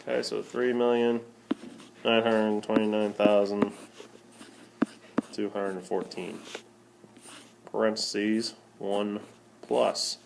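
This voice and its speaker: On a very noisy recording, a man with a lowish, level, creaky voice slowly works through a tablet screencast math lesson, pausing often. He asks questions he then answers himself, dropping many okays.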